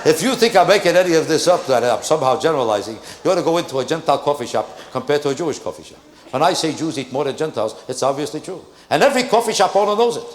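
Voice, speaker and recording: Fast-talking older New comedian. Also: male voice, on the high side. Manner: animated, rapid, acts out exasperated characters mid-bit. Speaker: stand-up comedian. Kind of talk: stand-up comedy routine. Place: theater stage with a live audience. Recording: echoey live theater with audience noise. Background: audience laughter.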